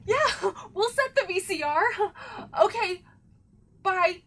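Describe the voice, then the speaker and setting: A woman's voice: extremely high pitch, expressive, slow, a bit bright, exaggerated voice. An actress playing a bubbly, eager young woman answering the office phone in a comic audio drama. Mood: chirpy. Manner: eager, chirpy.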